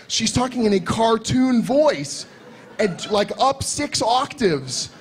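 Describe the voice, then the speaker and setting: A man telling a convention anecdote on a panel, excitable and swearing often, acting out voices as he goes. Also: very high voice, takes it slowly, slight background noise. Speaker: comics writer panelist. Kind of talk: animated storytelling on a convention panel.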